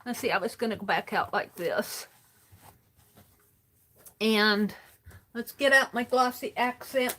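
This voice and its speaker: Slow, bright-voiced woman crafting at her desk. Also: on the high side. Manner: chatty, narrates her hands-on work, greets viewers. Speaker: art livestream host. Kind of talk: casual craft demo livestream.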